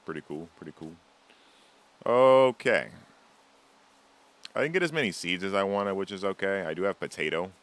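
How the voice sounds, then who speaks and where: Playing a game on a live stream, a man with a low, deep, slightly bright voice talks casually to his chat, rambling and teasing with easy swearing. He's animated and racing, hardly pausing, and the recording is dry.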